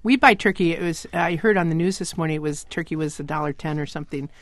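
A woman's voice: sits low, fast. A woman restaurant owner, a guest on a call-in radio show, talking enthusiastically about food. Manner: enthusiastic, chatty, talks up her restaurant. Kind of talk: radio interview chat.

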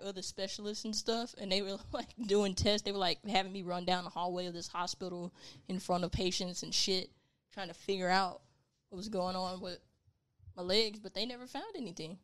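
A woman's voice: mid-range voice, steady tone, a little fast, a bit bright. A young woman co-hosting a casual chat, talking loosely and filling gaps with "like.". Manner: chatty, trailing off with lots of "like".

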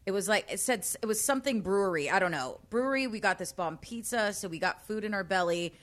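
Woman, late 30s, co-host, bright forceful voice, rambling storyteller. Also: medium pitch, expressive, fast talker. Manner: rambling storyteller, often trails off softly. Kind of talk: casual chat.

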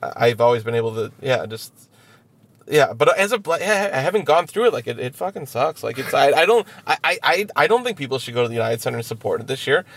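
A man co-hosting a casual sports podcast, talking haltingly with many stammered restarts, from a parked vehicle outside an arena. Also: mid-range voice, very animated, fairly bright tone. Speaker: podcast co-host.

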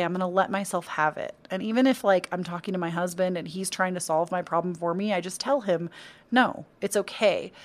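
A young adult woman hosting a casual solo podcast, chatty and encouraging, with lots of "um" and "like". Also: fairly low pitch. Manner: chatty, encouraging, with many fillers like "um" and "like". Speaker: podcast host and content creator.

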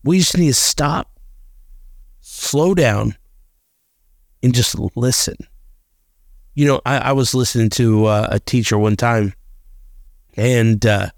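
A man's voice: medium pitch, slow, long pauses, dry recording, studio quality. A man co-hosting a podcast, talking earnestly about faith and reading scripture aloud, often repeating and restarting his words. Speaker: podcast co-host.

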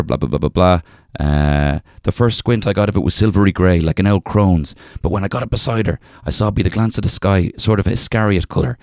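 A man's voice: deep voice, darkish tone, no echo, clean studio sound. A young man on a casual podcast, reading an old folk tale aloud in a thick storyteller's brogue and breaking off to joke about the wording.

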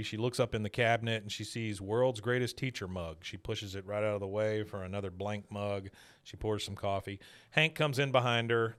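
Animated man recapping a show. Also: on the low side, clear, resonant tone. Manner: animated, puts on quick voices when quoting characters. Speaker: podcast host. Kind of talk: casual chat recapping a cartoon episode.

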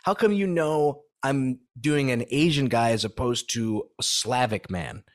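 Casting: young man, mid-pitched, laid-back slangy podcast co-host, rambling casual chat. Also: measured pace.

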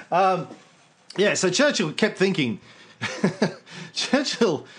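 A man's voice: high-pitched, expressive, very slow, fairly bright tone, husky. A man co-hosting a podcast, chatting casually and irreverently about history and swearing freely. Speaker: podcast co-host.

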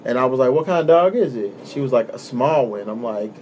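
A young man hosting a podcast who tells a story in a relaxed, casual way, swearing often and acting out the voices of the people in it. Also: medium pitch, fairly quick, dull audio, a little hiss or hum. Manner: laid-back, swears often, acts out quoted voices. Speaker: podcast host.

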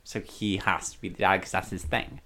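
A man co-hosting a podcast, chatting playfully about a film, often pausing on fillers. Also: sits low, fairly even intonation, bright, forceful tone. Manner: playful, hesitant, trails off with fillers. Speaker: podcast co-host. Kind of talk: casual chat about a film.

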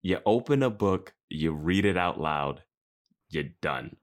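A man co-hosting a podcast, chiming in with low-key, dry comments in casual chat. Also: animated, unhurried. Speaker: podcast co-host.

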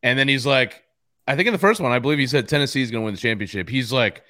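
A man's voice: medium pitch, fast talker, bright, forceful tone, no room sound, clean studio sound. A man co-hosting a sports podcast, amused and chatty as he reacts to listener calls. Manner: amused, laughs easily while commenting. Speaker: podcast co-host. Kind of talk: casual sports podcast chat.

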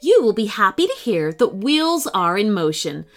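Storybook governor: kind, composed grown woman, reassuring and measured, a narrator giving her voice. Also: medium pitch, big pitch swings. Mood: gracious.

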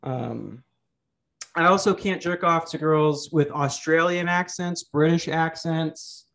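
A man's voice: on the high side, slow pace, gravelly, fairly bright tone. A man hosting a podcast, chatting casually and crudely, rambling with jokes and restarts. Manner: rambling, joking, frequent restarts. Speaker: podcast host. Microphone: remote call mic.

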